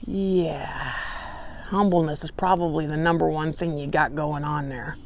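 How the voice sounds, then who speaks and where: Animated woman teaching a Bible study. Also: mid-range voice, dry recording. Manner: animated, acts out quotes with emphatic bursts. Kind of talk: lecture. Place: church meeting room.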